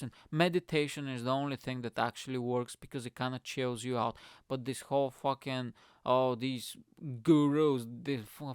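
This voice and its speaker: A young man hosting his own show, telling dating stories in a profane, animated rant with mocking put-on voices. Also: medium pitch, clear, resonant tone, no echo, studio quality. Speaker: podcast host. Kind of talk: casual ranting monologue.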